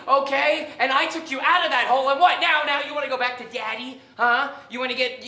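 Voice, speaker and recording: A woman acting a furious, foul-mouthed traveler stranded in an airport, yelling insults on a theatre stage. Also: sits high. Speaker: stage comedy actor. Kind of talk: live stage comedy acting. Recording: roomy live theatre, distant mic, faint noise.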